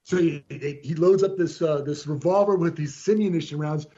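An older man with a high, husky voice tells a story in fits and starts, restarting his sentences. The line sounds dull and lo-fi. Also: normal speed, warm tone. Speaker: regular panelist. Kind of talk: casual chat.

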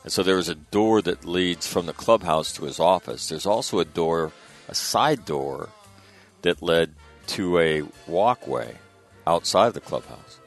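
Middle-aged male guest with a deep, low register; chatty, meandering anecdotes, lots of "uh" and restarts. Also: lively intonation, unhurried, soft background music. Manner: rambling, conversational, frequent fillers and restarts. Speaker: guest recalling his father. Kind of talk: casual spoken storytelling.

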